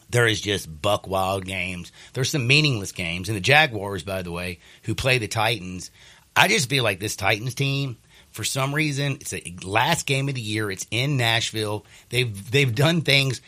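Bright-voiced sports radio host. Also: male voice, lowish voice. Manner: rambling, animated, jokey. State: congested from sinus trouble. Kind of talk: sports talk radio chat.

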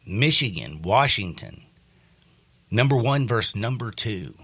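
A male sports radio host, congested from sinus trouble, talking in a rambling, animated, jokey way. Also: fairly low pitch, a little slow, breathy edge. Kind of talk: sports talk radio chat.

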